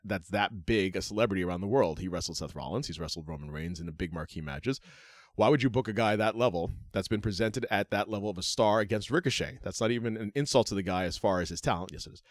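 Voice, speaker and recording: A man's voice: low-pitched, fast talker, no echo, studio quality. A man co-hosting a podcast, reading wrestling news items aloud and adding joking asides. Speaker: podcast co-host. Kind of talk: casual wrestling news chat.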